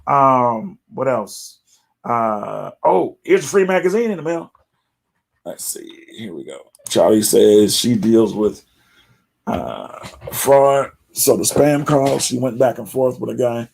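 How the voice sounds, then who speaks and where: Gravelly-voiced man chatting casually. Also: mid-range voice, unhurried. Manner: chatty, animated, mimics callers in a raised voice. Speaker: host. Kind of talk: casual live-stream talk.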